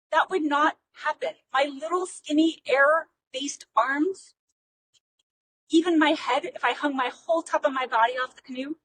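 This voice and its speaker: Heartfelt woman telling a story, slightly distant. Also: high-pitched. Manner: heartfelt, rambling, with many fillers. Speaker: personal growth speaker. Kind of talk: personal storytelling. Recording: faint noise, mic at a distance.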